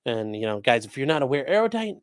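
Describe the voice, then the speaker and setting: This fast-talking, very animated man has a smooth mid-range voice, recorded dry in clean studio sound. He offers blunt, profane legal commentary on a casual live stream, reads chat messages out loud, and pauses to sweet-talk his dogs in a sing-song tone.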